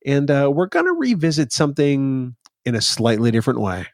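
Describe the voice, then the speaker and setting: A man co-hosting a podcast in casual banter, teasing his partner and quick to laugh. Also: medium pitch, wildly swooping pitch, no echo. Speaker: podcast co-host.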